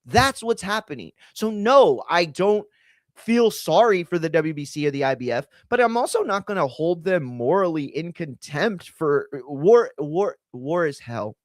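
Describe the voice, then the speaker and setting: A man streaming a profane, ranting commentary on combat sports, excitable and blunt. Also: high voice, normal speed, no echo, clean studio sound. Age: adult. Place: home room with bookshelves.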